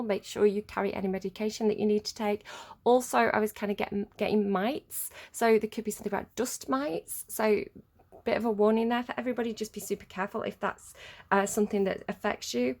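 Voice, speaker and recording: Chatty woman rambling through a reading. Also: on the high side. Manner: rambling and chatty, many filler words. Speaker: tarot reader. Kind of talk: casual collective tarot reading.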